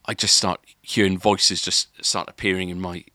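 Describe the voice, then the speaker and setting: Guy on a podcast, kinda low but bright voice, rambly story, lots of restarts, dry close mic. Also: level tone, normal speed, no echo. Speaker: podcast co-host. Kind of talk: casual storytelling.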